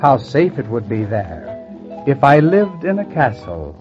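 Dreamy rhyming poet, unhurried sing-song verse over music, on a muffled old radio recording. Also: male voice, mid-range voice, big pitch swings. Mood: reciting. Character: whimsical rhyming male poet. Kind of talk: 1940s radio acting.

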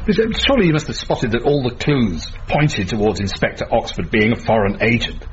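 A man's voice: mid-range voice, sing-song, fairly quick, lo-fi sound, noisy background, lightly acted. An actor playing a grumpy, pompous middle-aged male writer who talks in a pedantic, sardonic way, in radio comedy acting.

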